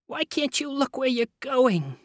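A man's voice: very high-pitched, animated, unhurried, sharp tone, no echo, clean studio sound, pitched above the performer's own voice, heavily acted. A man voicing a nervous, fussy older spinster who talks in a quavering, whiny voice, in a storybook reading.

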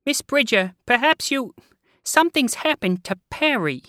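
A man's voice: very high-pitched, animated, a little slow, sharp tone, dry recording, clean studio sound, voice pushed up, exaggerated voice. A man voicing a nervous, fussy older spinster who talks in a quavering, whiny voice, in a storybook reading. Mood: anxious.

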